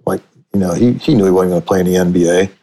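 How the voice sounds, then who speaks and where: A middle-aged man, a sportswriter and author, telling long anecdotes in a relaxed conversational way, restarting his sentences often. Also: low-pitched, racing, gravelly, rough recording. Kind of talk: conversational storytelling.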